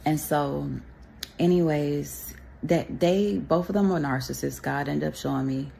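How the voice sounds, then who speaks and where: A woman's voice: low voice, measured pace, gravelly, warm tone, a little hiss or hum. A woman from Texas speaking to a camera, sharing a personal faith testimony in a rambling, conversational way with pious asides.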